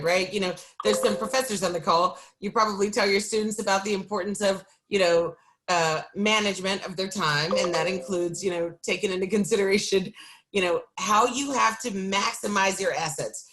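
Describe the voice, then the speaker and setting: A woman city council member speaking on a video call, exhausted and candid, halting with ums and breaking into short laughs as she speaks from the heart. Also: medium pitch, fairly bright tone, a little hiss or hum.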